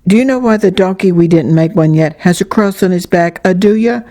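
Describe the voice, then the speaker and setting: A woman's voice: low voice, steady tone, normal speed, mellow, natural voice. A woman voicing an eager, talkative little boy who runs his words together.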